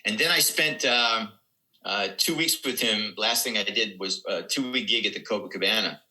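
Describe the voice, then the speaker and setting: A man's voice: on the low side, moderate pace, sharp tone, rough recording. A man in his seventies, a comedian guest telling rambling anecdotes in casual podcast talk. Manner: rambling anecdotes with quoted dialogue.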